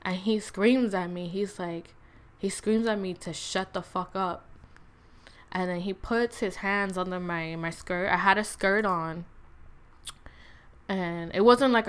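Young woman, mid pitch, casual storytime, slangy and blunt, lots of fillers. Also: smooth.

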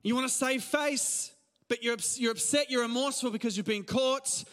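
Man, Australian accent, high-pitched, conversational preacher, long reverb of a church hall. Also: moderate pace. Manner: conversational, animated storytelling with laughs. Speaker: pastor. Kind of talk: sermon.

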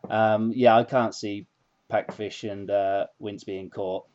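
A man's voice: on the low side, little pitch movement, takes it slowly, a little mellow. Man, teasing casual chat. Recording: dull lo-fi audio.

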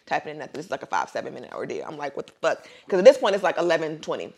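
A woman's voice: low voice, very fast, gravelly. A young woman, co-hosting a podcast, tells a long story in casual chat, swearing freely and acting out what people said. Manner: animated storyteller, profane, acts out quotes. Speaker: podcast co-host.

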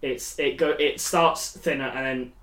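A young man co-hosting a podcast, talking in loud, sweary, scornful casual banter. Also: mid-range voice, fairly even intonation, unhurried, reverberant. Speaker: podcast co-host. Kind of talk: casual chat.

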